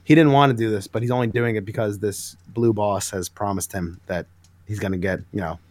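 A man's voice: on the low side, steady tone, a little fast, darkish tone, no room sound. A man co-hosting a casual comic book podcast, recapping scenes with enthusiasm and acting out the lines. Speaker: podcast co-host.

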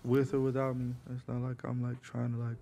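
A man's voice: medium pitch, completely flat delivery, a little fast, vocal fry, dark tone. A man being interviewed, talking in a rambling, slangy way full of "like" and "you know". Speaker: interview guest. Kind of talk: casual chat.

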